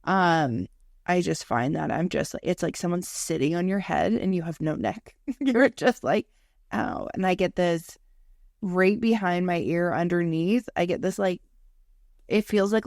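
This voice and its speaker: Chatty young woman with a gravelly low voice. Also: measured pace, a little mellow, no echo, clean studio sound. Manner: chatty storyteller, swearing, laughing, acting out quotes. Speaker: podcast co-host. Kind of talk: casual chat.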